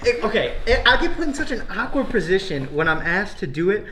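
A man's voice: high-pitched, big pitch swings, a little fast, echoey room, crowd noise, rough recording. A young man guest chatting casually, telling stories in a rambling way full of fillers. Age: young adult. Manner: rambling, filler-heavy storytelling. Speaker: podcast guest. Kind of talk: casual chat.

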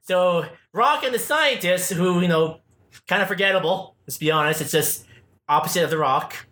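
A man with a high, bright voice recaps a film in casual podcast chat, lively and profane. His voice rings in an echoey room. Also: moderate pace. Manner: animated, profane movie recap. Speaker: podcast host.

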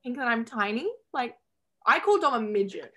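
A teenage Australian girl chatting casually and telling stories in a lively way. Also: fairly high pitch. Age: teens. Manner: chatty storyteller, quick to laugh. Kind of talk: casual chat.

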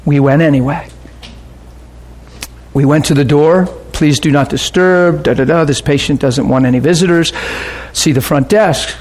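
Animated high-voiced preaching man. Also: moderate pace. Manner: animated storyteller, voice jumps high and shouts when excited. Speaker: pastor. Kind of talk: sermon storytelling.

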